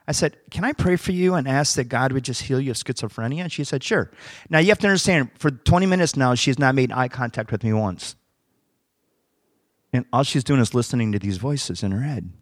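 A man's voice: medium pitch, expressive, moderate pace, pauses often, a bit bright, no echo, clean studio sound. A man, a pastor, preaching by telling a story and acting out the dialogue as he goes. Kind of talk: sermon storytelling.

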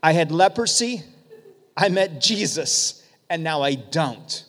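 A man's voice: on the high side, expressive, slow, a bit bright. A man voicing a healed male leper who keeps repeating the same simple testimony. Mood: earnest. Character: healed male leper telling his story. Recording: long hall reverb.

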